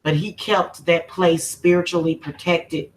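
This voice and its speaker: A woman's voice: on the low side, steady tone, a little slow, rough recording. A woman hosting a spiritual channel, talking casually on a livestream in a heartfelt, emotional, informal way.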